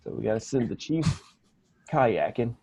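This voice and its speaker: Gravelly husky man telling rambling stories. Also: medium pitch, big pitch swings, normal speed, mellow, dry recording. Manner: rambling anecdotes with frequent restarts. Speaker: podcast co-host. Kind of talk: casual chat.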